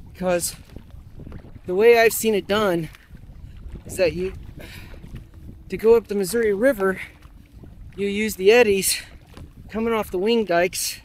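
A man's voice: sits high, slight background noise. A man vlogging from a river while paddling, chatting casually and thinking aloud with lots of asides. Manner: thinks aloud, rambling, many fillers and asides. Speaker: vlogger training for a river race. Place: outdoors on a river in a kayak.

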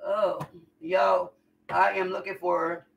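A woman's voice: lowish voice, flat delivery, slow, creaky, recorded from a distance, dull audio, a little hiss or hum. A woman chatting folksily to viewers during a live cooking stream in her home kitchen. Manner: folksy, chatty, calls viewers y'all and honey. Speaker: home cook livestreamer. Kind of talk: casual live cooking chat.

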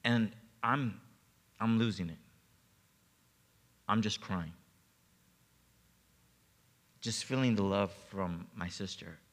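A man's voice: on the low side, takes it slowly, long pauses. A man preaching a sermon as pastor, telling a personal testimony with emotion and stumbling repeats. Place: church sanctuary. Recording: long reverb of a church hall.

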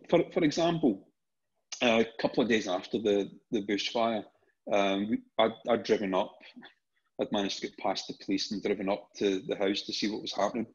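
A man's voice: fairly low pitch, breathy edge. A middle-aged Scottish man, a podcast guest, telling stories casually with lots of restarts and repeated words. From Scotland. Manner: animated anecdotes with frequent restarts and repeated words. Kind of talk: casual storytelling. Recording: dull lo-fi podcast audio.

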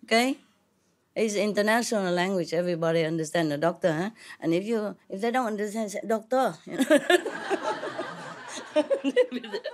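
A woman speaking to an audience in slow, halting English, mixing in French words and laughing often, with a cough. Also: medium pitch. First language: not English. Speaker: spiritual teacher addressing an audience. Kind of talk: casual talk to an audience, joking.

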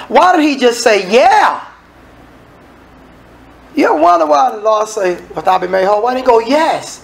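A man's voice: extremely high pitch, lively intonation, moderate pace, gravelly, pauses often, poor audio. A man preaching a sermon in a folksy, conversational way, acting out the people in the scripture and making asides to the congregation.

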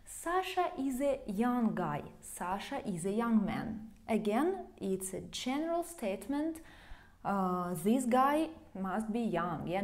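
A woman with a Russian accent walks learners through grammar at an unhurried, careful pace. Her voice sits a little high, and she often stops to check understanding with a questioning "yeah?". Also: darkish tone. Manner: slow, patient, repeats phrases, asks "yeah?" to check understanding. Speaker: language teacher.

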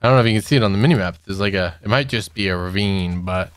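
A young gaming YouTuber rattles off casual let's-play commentary very fast in a fairly low voice, nervous and giggly, even talking to the mobs he runs into. The audio has no echo.

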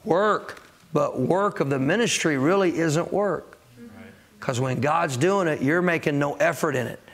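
In a church sanctuary, a man preaches as the church's pastor, calling out to the congregation for answers and acting out people's excuses. His voice is a little high and his pace moderate.

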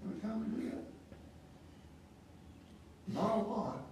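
Bible class teacher, male, slightly high-pitched, restarts a lot, distant mic in a reverberant room. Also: very animated, normal speed, a little mellow. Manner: questioning, repeats words and restarts. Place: church classroom. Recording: echoey room from far off, faint hiss.

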